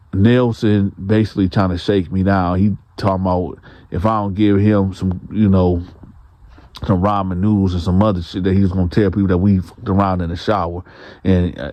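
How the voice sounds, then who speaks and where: A man's voice: sits low, fairly even intonation, normal speed, dry recording, highs cut off, pitched below the performer's own voice, close to an everyday voice. A man voicing a burly male prisoner who is anxious and pressing, talking hesitantly and repeating himself. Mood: uneasy.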